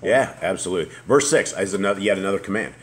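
A man's voice: low-pitched, expressive, rapid-fire, a bit bright, a little hiss or hum. A man hosting a casual scripture study, reading verses aloud and commenting in a chatty way. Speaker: host of a Torah study show.

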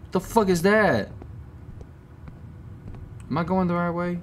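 A man hosting a horror game let's play, reacting with casual slang, swearing and yelling at the scares. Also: high-pitched, a little slow, a little hiss or hum. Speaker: gaming channel host.

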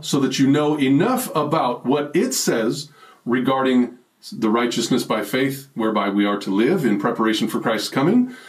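A man preaching a sermon, speaking earnestly to his listeners and slowing down with a rising voice to stress key phrases. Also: mid-range voice, low-quality recording. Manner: addresses listeners directly, challenging them.

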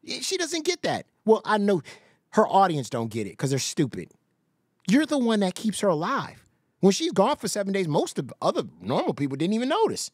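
Lively mocking stream host. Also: medium pitch, a little fast, slightly rough, no echo, clean studio sound. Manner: mocking, laughing often, incredulous. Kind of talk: ranting reaction-stream commentary.

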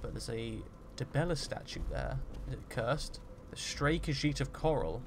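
A man hosting a game roleplay, talking through it in a chatty, jokey way and getting loud and jumpy when startled. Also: medium pitch, moderate pace, noisy background. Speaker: gaming roleplay host. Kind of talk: roleplay let's-play commentary.

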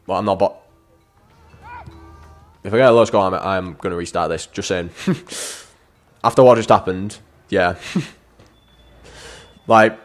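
A man giving chatty let's-play game commentary, addressing viewers as lads and breaking into frustrated shouts at the game. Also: on the low side. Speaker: gaming YouTuber.

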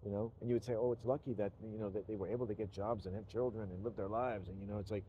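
A man's voice: fairly low pitch, fast talker, hardly any pauses, mellow, slight background noise, rough recording. A middle-aged man giving an earnest, rambling personal monologue to his channel, swearing when stirred. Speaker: YouTuber.

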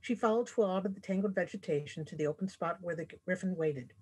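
A woman author reading her own fantasy story aloud, expressive as a storyteller. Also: lowish voice, fast, slightly rough. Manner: expressive storyteller voicing characters.

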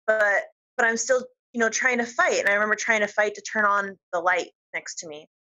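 A woman guest on an interview show, telling a personal story in a lively, giggly way. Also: mid-range voice, a little fast, low-quality recording. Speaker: podcast guest.

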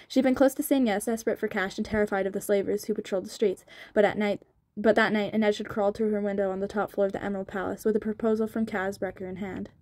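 A woman reading a novel chapter aloud in a storybook reading, quick and even. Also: medium pitch, dry recording. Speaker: audiobook reader.

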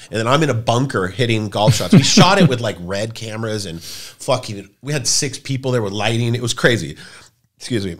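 A man in his forties, a podcast guest, tells stories in a casual, rambling and profane way, jumping into loud high voices when he quotes people. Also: quick pace. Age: 40s. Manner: acts out quoted voices with big pitch jumps. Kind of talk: casual storytelling chat.

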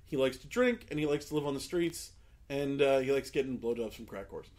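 A man's voice: medium pitch, fairly quick. A man telling a long story in casual podcast chat, acting out the people in it and often laughing. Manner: animated, acts out quoted people, laughs often. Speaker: podcast co-host.

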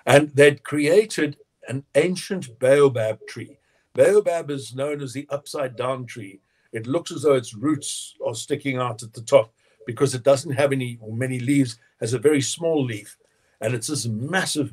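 A man, a winemaker guest in an interview, telling lively anecdotes and acting out quotes with frequent laughter. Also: mid-range voice, measured pace. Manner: animated storyteller, acts out quotes, laughs often.

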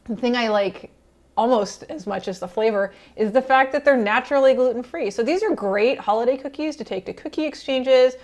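A woman's voice: on the high side, a little fast, a little mellow. A woman hosting a cooking channel, talking casually and enthusiastically to camera with chatty fillers and small laughs. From Italian heritage. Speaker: cooking show host.

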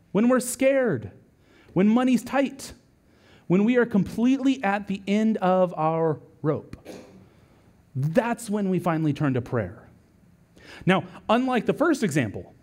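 A male lead pastor preaching a sermon in a conversational, storytelling way, often asking "right?" and acting out quotes. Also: high voice. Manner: animated storytelling with acted-out quotes; conversational, frequent "right?" asides.

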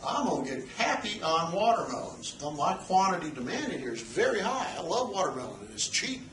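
Gleeful cheap-price buyer put on by a male teacher, bright, distant echoey recording. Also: fairly high pitch, big pitch swings, a little fast, slight background noise, voice pushed up. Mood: delighted. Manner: exclaims "man" with glee. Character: cheerful bargain-hunting buyer. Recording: echoey room, mic at a distance.

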